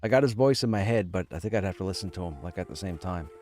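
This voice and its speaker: A man's voice: low-pitched, fast, a little mellow. A man streaming a game, chatting casually in a rambling, self-mocking way with a sore throat. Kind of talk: casual livestream chat.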